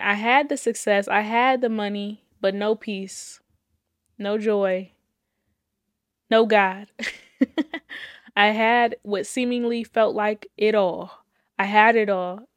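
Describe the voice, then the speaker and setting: A woman's voice: mid-range voice, a bit bright, no room sound, clean studio sound. A woman telling her personal faith testimony with fervor, repeating phrases, laughing between lines and holding back tears. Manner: casual, addresses listeners as y'all.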